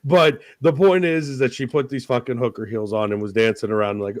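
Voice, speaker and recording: A man hosts a casual podcast, spinning profane, rambling stories that swing into loud outbursts. His voice is recorded dry and close, with no room sound at all. He sits at a middle pitch for a man. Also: fast, hardly any pauses, no echo. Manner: profane, rambling comic storytelling. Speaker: podcast host.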